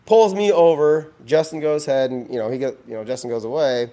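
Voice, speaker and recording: A man's voice: medium pitch, fairly even intonation, brisk, dark tone. A man, a podcast guest, tells a long story casually, full of restarts and "you know"s.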